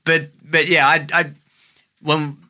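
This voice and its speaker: A man's voice: a little high, flat delivery, takes it slowly, pushed and bright. An Australian man co-hosting a casual sports chat, blunt and sweary, often mimicking others in mock voices.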